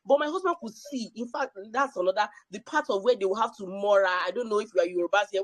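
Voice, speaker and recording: A woman's voice: medium pitch, quick pace, hardly any pauses, no room sound. A woman sharing a personal story at a panel, emphatic and repeating phrases for effect. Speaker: panel speaker.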